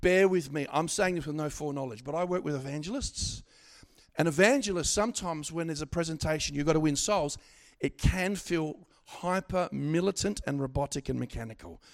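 Aussie guy preaching, fairly high voice, gets loud then drops quiet, stumbles and restarts a lot. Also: a little fast. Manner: animated, swings from loud exhortation to quiet asides, stammering restarts. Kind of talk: sermon.

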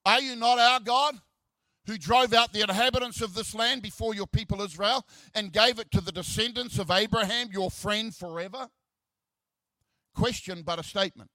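A middle-aged pastor preaches in a fairly high voice, reading scripture and explaining it as he goes. He repeats words as he searches for the next phrase and slips in joking asides. The sound is close and dry, with no room echo. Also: moderate pace, sharp tone.

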